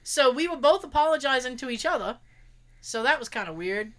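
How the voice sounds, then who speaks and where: A woman casually telling an anecdote in an animated, expressive way and swearing freely. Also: sits high, a little fast.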